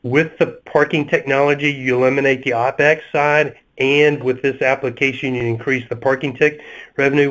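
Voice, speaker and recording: A man with a Southern US accent, speaking as a panelist in a webinar discussion, halting and full of fillers and restarts. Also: medium pitch, fairly bright tone, low-quality recording.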